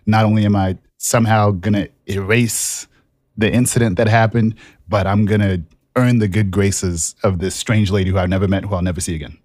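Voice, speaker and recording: A man co-hosting a podcast, telling a personal story in a relaxed, animated way and laughing at himself as he goes. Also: lowish voice, brisk, no echo, studio quality. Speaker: podcast co-host. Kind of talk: casual storytelling chat.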